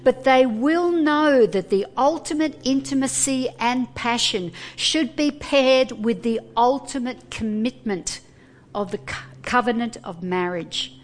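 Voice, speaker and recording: A woman pastor giving a sermon, earnest and deliberate, pausing between phrases. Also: on the high side.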